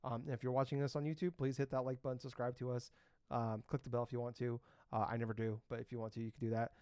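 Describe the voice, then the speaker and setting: A man's voice: mid-range voice, little pitch movement, quick pace, darkish tone, clear, resonant tone, dry recording, studio quality. A man in his thirties co-hosting a casual gaming podcast, rambling with lots of fillers and the odd swear word. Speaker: podcast co-host. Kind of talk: casual chat.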